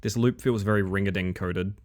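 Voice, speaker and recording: A man's voice: on the low side, a little fast. A man streaming a horror game live, commenting casually, swearing freely and talking to his chat. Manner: animated, swears freely, chats with viewers.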